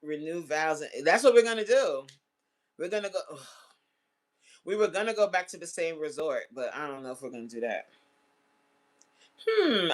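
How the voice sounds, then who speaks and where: A middle-aged woman hosting a casual livestream chat, chatty and animated, often laughing and teary-eyed. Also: deep voice. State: tearing up. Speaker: livestream host.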